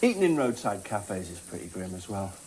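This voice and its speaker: A man's voice: on the low side, big pitch swings, a little fast. A man doing a sardonic stand-up comedy monologue, chuckling at his own jokes. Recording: noisy recording, laughter behind.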